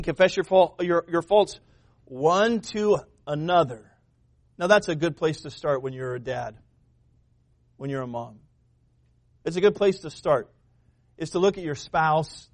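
A man's voice: a little high, no echo. A male pastor preaching a sermon in a folksy way, asking the congregation questions as his intensity rises and falls.

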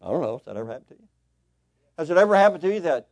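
A man preaching a sermon in church, swinging between loud emphatic lines and quiet, conversational asides. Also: high voice, very animated, very fast, no room sound, studio quality. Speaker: pastor. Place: church sanctuary.

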